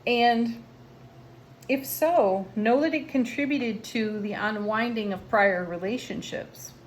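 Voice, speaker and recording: A woman giving a tarot card reading in a gentle, encouraging, spiritual manner. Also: fairly high pitch, slow pace, a little hiss or hum. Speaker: tarot reader.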